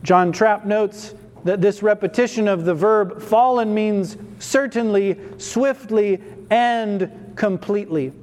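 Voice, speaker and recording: A man's voice: high-pitched, slow pace, darkish tone. A man preaching an expository sermon, who asks rhetorical questions and answers them himself with emphatic repetition. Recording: long hall reverb.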